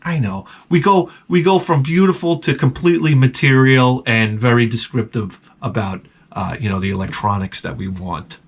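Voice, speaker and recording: A middle-aged man hosting a video, telling a casual, rambling story to camera with jokes and sudden excited jumps in his voice. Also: mid-range voice, moderate pace, hardly any pauses, slightly rough. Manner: rambling and jokey, voice jumping up when excited. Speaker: video host.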